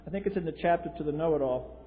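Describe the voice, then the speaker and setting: A man's voice: fairly high pitch, rapid-fire, a crowd in the background. Blunt, wry man on an old hall tape. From US East Coast. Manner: blunt and wry, with dry humor. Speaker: recovery meeting speaker. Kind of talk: personal recovery story at a podium. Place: large convention hall. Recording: tinny lo-fi 1980s tape in a reverberant hall.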